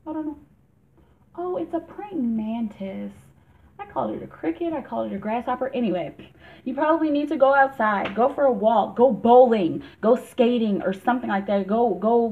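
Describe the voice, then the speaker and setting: A woman's voice: on the high side, normal speed. Chatty woman on tinny lo-fi audio. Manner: chatty and emphatic, laughs often. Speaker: tarot reader. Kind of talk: casual tarot reading vlog. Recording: tinny phone-like sound.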